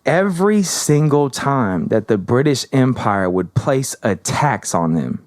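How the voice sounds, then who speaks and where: A man hosting a casual podcast, telling a story in an animated, slangy way with plenty of swearing. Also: medium pitch, measured pace. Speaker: podcast host.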